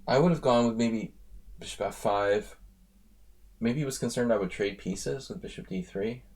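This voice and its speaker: A man's voice: on the low side, moderate pace, darkish tone. An American man chatting casually while commenting on his own online chess games during a live stream, wandering off into asides. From United States. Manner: rambling, chatty asides between chess moves.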